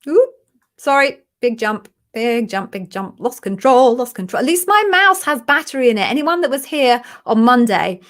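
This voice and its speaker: A woman's voice: a little high, sing-song, moderate pace, a bit bright. A woman hosting a live question-and-answer stream, chatty and encouraging, openly emotional as she answers viewers. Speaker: livestream host, interview coach.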